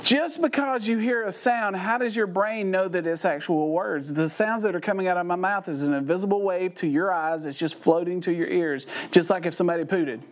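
An older man, preaching through lively, folksy personal stories. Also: sits high, a little fast, few pauses, slight background noise. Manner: animated, folksy storytelling with laughs. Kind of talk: storytelling sermon.

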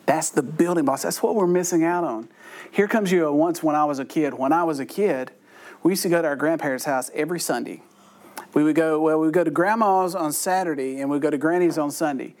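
A middle-aged man teaches a Bible study in a light, joking way. His voice sits high for a man, and his talk runs loose and conversational with dry, self-mocking asides. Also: darkish tone.

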